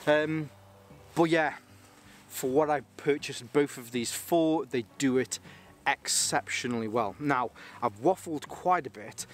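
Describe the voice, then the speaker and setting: A man's voice: mid-range voice, a little slow. A man casually reviewing gear on his channel, rambling and enthusiastic, joking and restarting sentences often.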